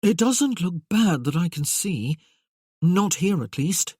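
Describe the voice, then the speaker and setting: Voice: medium pitch, expressive, slow, darkish tone, breathy edge. Give me a narrator playing a charming, curious young nobleman with a matter-of-fact, slightly raised delivery. He sounds intrigued and composed as he explains things. The recording is dry, with almost no echo.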